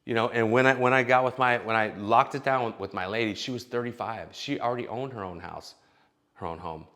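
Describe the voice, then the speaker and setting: A man's voice: medium pitch, brisk, fairly bright tone. A man in his forties giving dating advice in a blunt, profane, opinionated casual rant.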